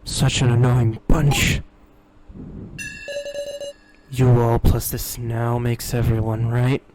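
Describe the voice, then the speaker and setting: A man's voice: level tone, takes it slowly, lightly acted. A man voicing a cocky, cackling young captive. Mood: scornful. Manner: mocking, with shrill cackling laughs. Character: rude tied-up young male captive, cocky, scornful. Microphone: home microphone. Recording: game music behind voice.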